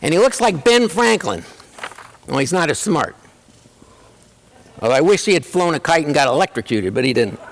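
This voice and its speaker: Animated man telling stories in a hall. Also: a little high, normal speed, gravelly, pauses often, slight background noise. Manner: animated, acts out family members in quoted voices. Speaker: keynote speaker. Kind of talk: humorous personal storytelling. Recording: reverberant hall.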